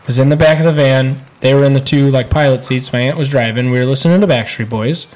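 A man telling a long, rambling story on a podcast, laughing now and then. His voice sits at an ordinary middle pitch. The talk is loose and casual. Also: steady tone, fast talker, darkish tone. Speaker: podcast co-host. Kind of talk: casual chat.

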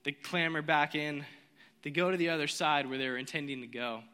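High, bright-voiced man preaching animatedly. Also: a little fast, big-room sound. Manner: animated storytelling, acts out voices. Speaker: pastor. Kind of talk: sermon.

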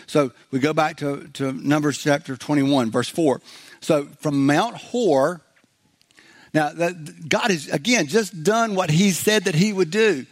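A man's voice: a little high, moderate pace. A man preaching a sermon in a loose, conversational way, acting out biblical voices with humor and many restarts. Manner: frequent fillers and restarts. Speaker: pastor.

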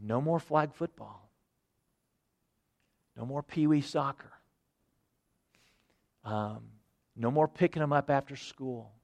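A middle-aged man preaching a sermon, earnest, repeating phrases and moving between loud emphasis and hushed quiet. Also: medium pitch, takes it slowly, gravelly, long pauses. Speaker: pastor.

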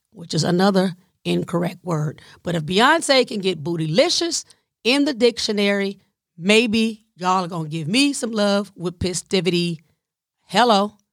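Southern woman, casual monologue storyteller, unhurried delivery, dry close sound, chatty with asides. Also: medium pitch, no echo. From Southern United States. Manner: chatty, digressive, playful asides to listeners. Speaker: storyteller, caregiver.

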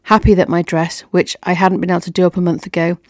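A woman's voice: lowish voice, flat delivery, fast talker, darkish tone, dry recording, studio quality. A woman telling a personal story on her podcast in an upbeat, chatty way.

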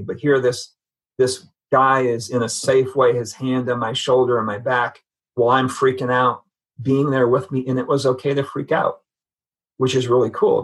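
A middle-aged man with a husky, slightly breathy voice shares a personal faith testimony. He speaks earnestly and conversationally at a medium pitch. He often halts and repeats words as he searches for the right phrase. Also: a bit bright. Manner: earnest, halting with frequent restarts. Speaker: guest sharing testimony.

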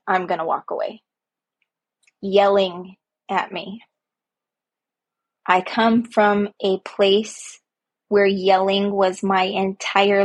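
Speaking from the heart about being a parent, this woman hosts a podcast monologue full of emphatic repetition. Her mid-range voice is husky, and she seems somewhere between young adult and middle age.

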